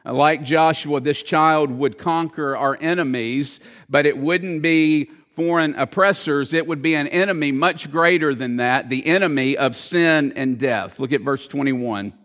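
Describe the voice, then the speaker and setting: A man delivers a sermon in an earnest, emphatic way and weaves in stories to make his points. His voice sits a little high for a man. He speaks slowly and deliberately, leaving room between phrases. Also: fairly bright tone. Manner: earnest, emphatic preaching with storytelling. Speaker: pastor.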